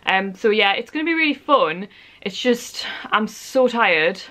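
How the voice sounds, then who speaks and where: A woman's voice: mid-range voice, expressive, a little slow, a bit bright. Tired, chatty young woman vlogging. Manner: rambling, apologetic, chatty. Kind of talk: casual vlog chat to camera. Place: at home, indoor room.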